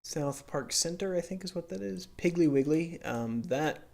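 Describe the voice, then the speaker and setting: A young man hosting a gaming video, thinking out loud and reading signs as he plays. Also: on the high side, lively intonation, moderate pace, creaky. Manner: muttering, reads signs aloud, thinks out loud. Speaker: gaming channel host. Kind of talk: let's-play commentary.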